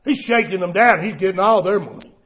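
Preacher doing sneery sinner guys, quick and chuckly, muffled tape. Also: male voice, high voice, a bit bright. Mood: scoffing. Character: scoffing male sinners mocking a preacher.

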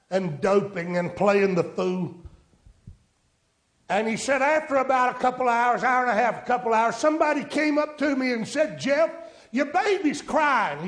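A man from the rural United States preaches a sermon in a high voice with a roomy sound, telling a story in a down-home style and building to emphatic pleas to his listeners.

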